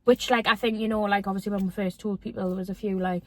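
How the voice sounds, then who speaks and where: A woman's voice: mid-range voice, fairly even intonation, quick pace, dry recording. A young woman with a Geordie accent, hosting a casual chat with her mother, laughing often and quoting people. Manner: chatty, laughs often, quotes people in voices. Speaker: host.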